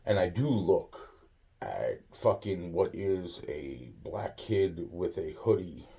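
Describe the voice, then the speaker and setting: A man's voice: low-pitched, gravelly, dark tone, slightly rough. A man casually telling a rambling personal story, swearing often and restarting his sentences. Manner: rambling, profane, many restarts. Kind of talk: casual spoken anecdote.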